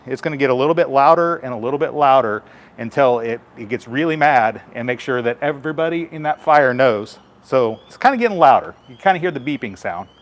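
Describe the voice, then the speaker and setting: A man's voice: medium pitch, expressive, a little fast, a little hiss or hum. A man, a firefighter, giving a live station tour and patiently explaining equipment to children in simple terms.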